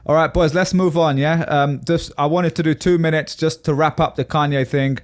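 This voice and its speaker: A man's voice: fairly high pitch, fairly even intonation, normal speed. A man co-hosting a podcast in casual chat, talking at length and laughing easily. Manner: chatty and rambling, laughs easily. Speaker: podcast co-host.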